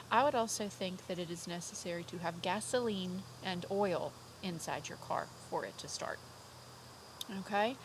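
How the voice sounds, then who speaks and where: Lady kindergarten teacher recording a lesson at home, slow sing-songy voice, noisy background. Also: fairly low pitch. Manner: slow, clear, sing-song teacher talk with drawn-out words. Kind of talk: remote vocabulary lesson for young children.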